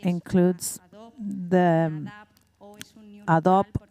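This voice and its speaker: A woman from Spain with a Spanish accent, speaking English as a second language while answering on a panel as a bank operations executive. She talks haltingly, with fillers and self-corrections. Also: lowish voice, steady tone, mellow.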